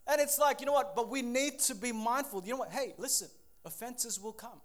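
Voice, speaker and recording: A pastor in his thirties preaching a sermon, animated, acting out quick voices and laughing at himself. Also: very high-pitched.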